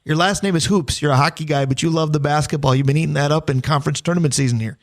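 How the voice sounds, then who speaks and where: A man's voice: fairly high pitch, rapid-fire. A man hosting a sports radio show, chatting casually and reading sponsor details in an upbeat way.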